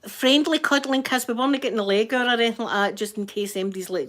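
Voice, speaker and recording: A woman's voice: on the high side, fast, fairly bright tone. A woman with a Glasgow accent, hosting her channel with a chatty, rambling manner and Scots words. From Scotland. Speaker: channel host. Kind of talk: casual livestream chat.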